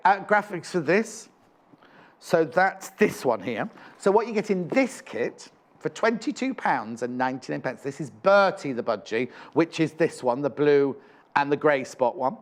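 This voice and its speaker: A man's voice: on the high side, very animated, measured pace. A man presenting craft kits on a live shopping channel, chatty and enthusiastic, rambling with frequent self-corrections.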